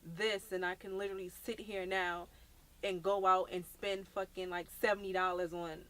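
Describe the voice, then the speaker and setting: A woman's voice: fairly low pitch, level tone, normal speed, fairly bright tone. A woman, hosting a podcast and telling stories bluntly in slangy, casual talk. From Brooklyn, New York. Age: 30s. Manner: blunt, slangy, storytelling with many "like" fillers.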